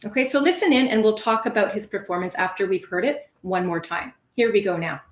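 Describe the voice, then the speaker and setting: A woman giving a live online lesson on speaking skills, with a clear, encouraging teaching delivery. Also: mid-range voice, a little fast, echoey room. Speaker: test prep instructor.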